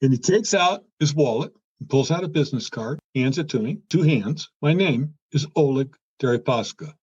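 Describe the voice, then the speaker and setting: A man's voice: mid-range voice, moderate pace, slightly rough. An older man, a former car executive, telling an anecdote in an interview and acting out the quoted dialogue. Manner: animated, acts out quoted dialogue. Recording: dull lo-fi sound.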